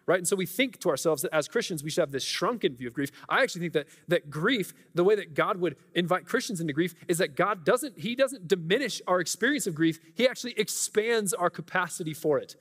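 A man's voice: high voice, expressive, a little fast, few pauses, fairly bright tone, husky. A man preaching a sermon in a church, earnest and conversational, often restarting his sentences. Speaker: pastor. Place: church sanctuary. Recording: reverberant church hall.

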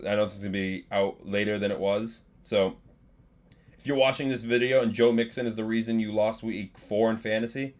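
A young man commentating his own live game stream, chatting with his viewers and swinging between low mumbles and loud outbursts. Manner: excitable, swings from mumbling to yelling, banters with chat.

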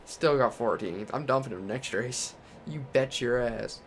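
A young man from Texas calls his racing game out loud as he drives, swearing freely and ranting at rival drivers. His voice sits at a middling pitch, and a faint hiss of noise hangs behind it. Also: unhurried. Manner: profane, frustrated ranting. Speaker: gaming channel host.

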